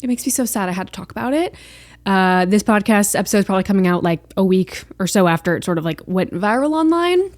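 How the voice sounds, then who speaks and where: A woman's voice: mid-range voice, lively intonation, fast talker, no room sound. A young woman hosting a podcast, chatting casually and emotionally, gushing with lots of fillers. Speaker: podcast host. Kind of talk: casual chat.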